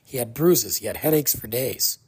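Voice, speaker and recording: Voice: mid-range voice, animated, moderate pace, a little mellow, husky. A podcast host giving a casual commentary monologue, speaking emphatically and acting out quoted dialogue.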